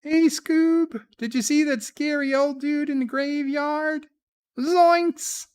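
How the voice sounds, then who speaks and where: A man doing a cartoon voice impression of a goofy, easily scared young slacker, with high, yelping exclamations. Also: steady tone, slow pace. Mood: panicky. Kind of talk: cartoon voice impression on a live stream.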